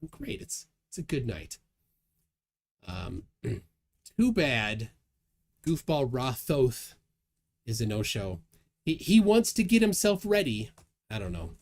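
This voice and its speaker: Animated man hosting a livestream chat. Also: medium pitch, slow pace, vocal fry, long pauses. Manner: lively, chuckling, reads chat aloud. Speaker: livestream host. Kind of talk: casual livestream chat reading viewer comments.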